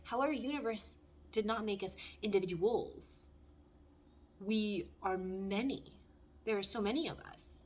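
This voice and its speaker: A woman's voice: medium pitch, a little slow, darkish tone. A woman giving a casual spoken tarot reading, talking in a frank, blunt and heartfelt way. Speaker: tarot reader.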